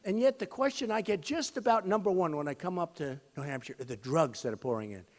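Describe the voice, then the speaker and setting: A man in his sixties giving a campaign rally speech, repeating lines for emphasis and swinging from loud outbursts to low asides. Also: animated, fast. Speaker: presidential candidate. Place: high school gym with a crowd. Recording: long hall reverb.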